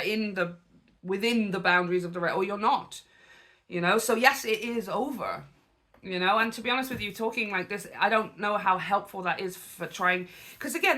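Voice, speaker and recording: A woman hosting reaction commentary as a spiritual coach, talking in an animated, conversational way with preachy asides. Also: mid-range voice.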